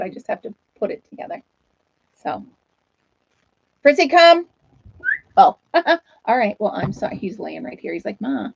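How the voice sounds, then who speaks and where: Chatty woman host, casual live-stream chat, mid-pitched and self-deprecating, slightly dull lo-fi sound, dry. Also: vocal fry, a little mellow, dry recording.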